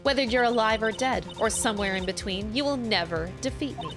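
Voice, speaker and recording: A woman voicing a calm, commanding woman lawyer spirit who speaks in a cold, measured way. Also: a little high, close to an everyday voice. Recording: game music behind.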